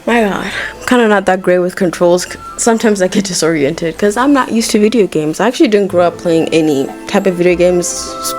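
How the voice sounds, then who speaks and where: Over soft background music, a woman with a fairly low, slightly mellow voice briskly narrates her gameplay for a let's-play video. She rambles casually, swears often, and addresses her game characters directly.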